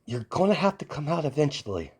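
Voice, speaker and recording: Man doing a teasing young woman, raised pitch, bouncy, pushy. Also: sing-song, quick pace, darkish tone, breathy edge. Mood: coaxing. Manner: teasing, coaxing. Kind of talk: amateur story voicing.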